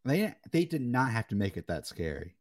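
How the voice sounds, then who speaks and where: A young man co-hosting a casual gaming chat, telling animated stories and swearing freely. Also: medium pitch, normal speed. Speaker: podcast co-host.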